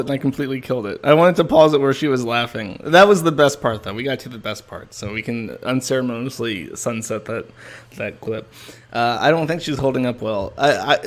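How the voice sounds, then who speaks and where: A man hosting a stream, talking in a casual, sardonic, profane way as he comments on a clip. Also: medium pitch. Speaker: streamer host.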